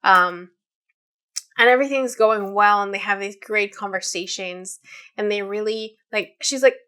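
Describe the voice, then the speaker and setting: A woman's voice: mid-range voice, a little slow, fairly bright tone, smooth. A woman in her late twenties, co-hosting a podcast and retelling a story in casual chat, with many fillers and quoted voices. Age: 20s. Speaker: podcast co-host.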